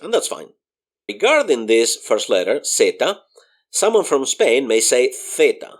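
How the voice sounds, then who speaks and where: A man's voice: mid-range voice, very animated. A man teaching a beginner Spanish lesson, patiently spelling words letter by letter and explaining pronunciation. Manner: spells words slowly letter by letter and repeats them.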